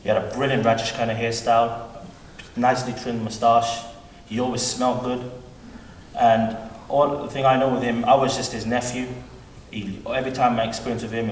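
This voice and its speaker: A man giving a rambling, heartfelt eulogy for his uncle, heard from a distance at a funeral service. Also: medium pitch. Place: large hall at a funeral service. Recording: echoey hall, heard from afar, faint room noise.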